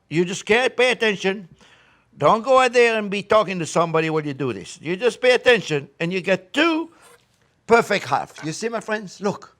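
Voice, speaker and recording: A man's voice: high voice, animated, moderate pace, a bit bright. An older man hosting a cooking demonstration, enthusiastic and coaxing, talking straight to viewers as his friends. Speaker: chef and cooking show host.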